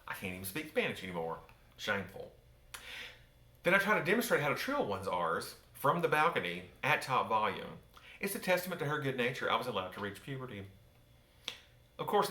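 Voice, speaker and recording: A man from the Southern US with a softened Southern accent, telling a personal story from his book in a wry, theatrical way with joking asides. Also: medium pitch. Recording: roomy echo.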